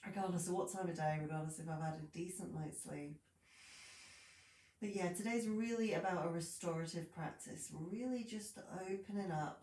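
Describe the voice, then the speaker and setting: A woman leads a slow yoga session in a soft, gentle voice, with a gravelly edge of fry. She sits a little back from the mic, so her words carry a roomy echo. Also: fairly low pitch, recorded from a distance. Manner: soft, gentle cueing with frequent yawns and light laughs. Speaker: yoga teacher. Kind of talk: guided yoga instruction. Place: room at home, practising on her mat.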